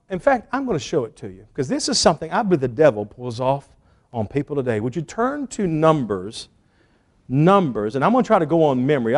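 Man, pastor, preaching a sermon, animated storyteller, high voice. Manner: animated storytelling, acts out quotes.

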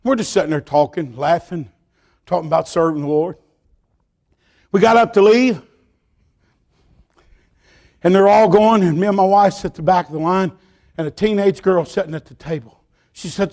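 A man preaching a sermon, telling stories and rising to shouts. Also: high-pitched, steady tone, normal speed, long pauses. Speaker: pastor.

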